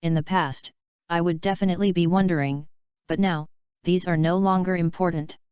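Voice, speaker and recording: A woman reading as a quiet, sleepy young kunoichi. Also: fairly low pitch, fairly even intonation, moderate pace, clean tone, no echo, natural voice. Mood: drowsy. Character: young woman ninja, quiet, drowsy and reserved. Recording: slightly dull, dry lo-fi recording.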